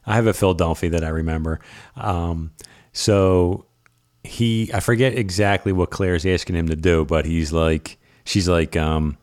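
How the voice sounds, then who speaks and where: A man's voice: sits low, steady tone, normal speed, darkish tone. A man co-hosting a casual chat, a real estate agent who tells stories animatedly and laughs at his own anecdotes.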